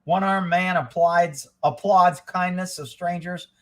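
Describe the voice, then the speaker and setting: A man's voice: high-pitched, steady tone, a little slow, fairly bright tone. A man hosting a live talk stream, running through news with a sarcastic, mocking tone. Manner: sarcastic, mocking news scares in a listing rhythm. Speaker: livestream host. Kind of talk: casual livestream commentary.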